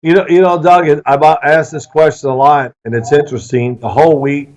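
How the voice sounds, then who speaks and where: A middle-aged man, a former football player, answering interview questions with lively anecdotes. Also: a little high, moderate pace. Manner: lively storyteller who acts out quoted people. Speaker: interview guest, former pro quarterback. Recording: dull lo-fi sound.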